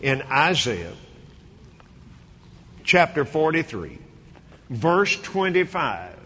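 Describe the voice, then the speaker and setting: A man preaching a sermon to a congregation. He acts out dialogues, stretches key words and builds toward shouting. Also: a little high, very animated, extremely slow, breathy edge. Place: church before a responding congregation.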